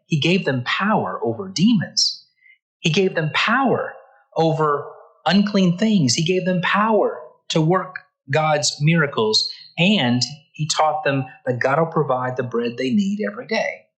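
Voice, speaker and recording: A man's voice: mid-range voice, a bit bright, poor audio. A man teaching a church Bible class, reading scripture aloud and stopping to explain it with earnest, emphatic repetition. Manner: reads passages then stops to comment.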